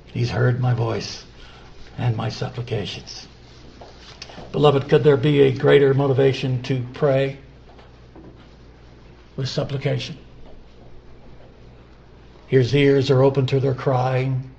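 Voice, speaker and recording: A man preaching a sermon, repeating scripture phrases and building from quiet, drawn-out lines to loud emphatic peaks. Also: medium pitch, flat delivery, creaky, dull audio.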